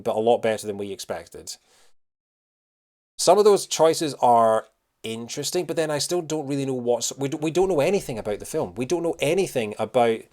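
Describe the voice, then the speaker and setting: A man's voice: medium pitch, a little mellow. A man live-streaming, chatting casually and rambling with many fillers as he answers his chat. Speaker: streamer reacting to news.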